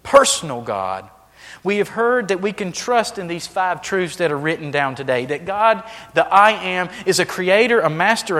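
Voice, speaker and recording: A man preaching a sermon as pastor, swinging between hushed, intimate lines and loud, emphatic ones. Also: sits high, big-room sound. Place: church sanctuary.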